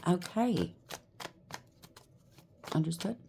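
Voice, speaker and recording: A woman's voice: fairly low pitch, very animated, drawn-out words, creaky, warm tone, a little hiss or hum. A woman reading tarot cards in a blunt, scolding manner. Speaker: tarot reader.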